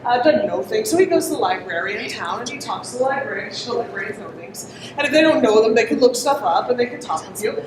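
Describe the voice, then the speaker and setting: A woman's voice: on the high side, expressive, fast, a crowd in the background. A woman presenter telling a story to a live audience, chatty and laughing often, asking the room questions. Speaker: conference presenter. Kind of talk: interactive storytelling talk to an audience. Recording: echoey room, distant mic, noisy.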